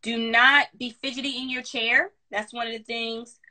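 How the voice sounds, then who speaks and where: Career advisor woman, quick and sassy, bright and fairly high voice. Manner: fast, animated and sassy. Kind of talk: casual advice chat.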